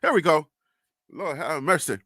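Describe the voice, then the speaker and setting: A man's voice: fairly high pitch, big pitch swings, normal speed, fairly bright tone, no echo, clean studio sound. A young man hosting a casual sports live stream, chatting loosely and reading viewer comments aloud with frequent laughs.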